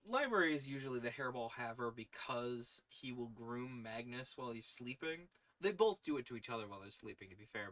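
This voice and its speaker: A man hosting a story-reading stream talks casually in a playful, giggly way. His voice is bright and forward at a middling pitch. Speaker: podcast host reading old stories aloud. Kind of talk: casual chat on a live stream.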